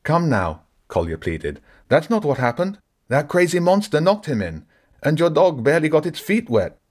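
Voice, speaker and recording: A man's voice: low voice, big pitch swings, slow, breathy edge, heavily acted. A man voicing a nervous, cowardly young man who pleads desperately in a raised voice. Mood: pleading.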